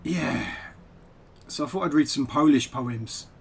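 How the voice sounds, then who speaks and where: A man at his home computer chatting loosely to a live-stream audience, mid-pitched and conversational. He wanders from topic to topic in an easygoing, rambling way, speaking into a desk microphone. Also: measured pace, vocal fry, a little hiss or hum. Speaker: poet and game streamer. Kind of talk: casual live-stream chat over gameplay.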